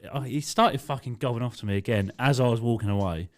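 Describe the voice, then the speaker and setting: Guy on a raw podcast, swears a lot, blunt rambling doorman story, mid-pitched voice. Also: a little fast. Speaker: podcast co-host, nightclub doorman. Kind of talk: casual storytelling chat.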